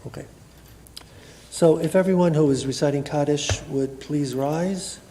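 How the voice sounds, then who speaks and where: A man leading a synagogue prayer service, reading a memorial list of names in a measured way and chanting prayers in a large sanctuary. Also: a little high, mellow, slight background noise. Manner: chants Kaddish prayer slowly. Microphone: livestream room mic. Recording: long reverb of a large sanctuary.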